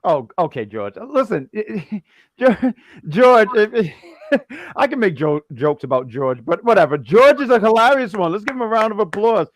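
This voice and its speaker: A man's voice: high-pitched, big pitch swings, normal speed, no echo, clean studio sound. A man co-hosting a wrestling review show, joking and rambling in casual chat.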